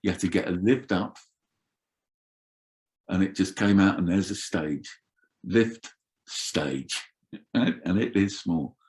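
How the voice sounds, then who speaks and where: An older man telling roadie stories in an animated, swearing way as an interview guest. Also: low voice, slow pace, pauses often. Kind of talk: casual storytelling.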